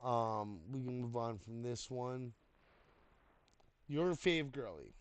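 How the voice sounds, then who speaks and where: A tired man giving casual spoken feedback on a writing post, halting, with many fillers and restarts. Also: medium pitch, clean tone, no room sound. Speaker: writing coach reviewing posts. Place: home desk, online voice chat.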